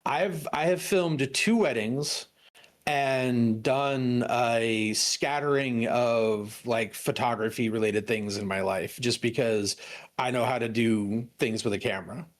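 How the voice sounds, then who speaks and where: A man's voice: mid-range voice, slow pace. A young adult man chatting casually on a stream, rambling through stories with many restarts and bursts of laughter. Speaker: stream co-host. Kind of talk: casual chat.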